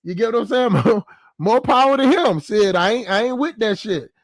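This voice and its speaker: Brief: high-pitched man, dry close sound, casual profane storyteller who keeps checking in with the audience. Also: expressive, normal speed, gravelly, no echo. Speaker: channel host.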